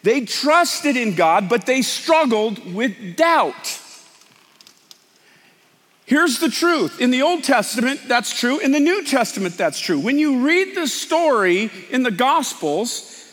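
A man's voice: very high-pitched, very animated, slow pace, a bit bright, long reverb tail. A man preaching a sermon as pastor, talking in a conversational, emphatic way.

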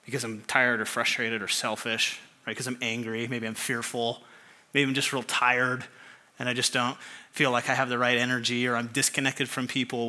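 A pastor preaching a sermon to a congregation in a relaxed, conversational way, asking many rhetorical questions. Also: male voice, mid-range voice.

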